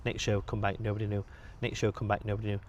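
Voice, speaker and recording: Young guy rattling off gym stories quick, lowish voice, swears a lot, bit of hiss behind. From England. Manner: swears freely, animated storytelling. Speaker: podcast guest, bodybuilder. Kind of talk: casual storytelling.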